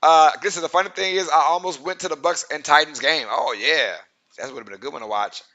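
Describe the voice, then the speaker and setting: Bright-voiced Southern man chatting sports. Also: on the high side, quick pace, no echo, muffled recording. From Louisiana. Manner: chatty, filler-heavy, hypes up viewers, reads chat aloud. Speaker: sports podcast co-host. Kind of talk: casual live-stream sports talk.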